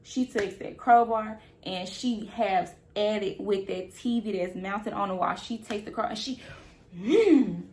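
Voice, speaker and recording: A young woman vlogger telling a story in casual, slangy talk, animated and repeating her phrases. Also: mid-range voice, unhurried.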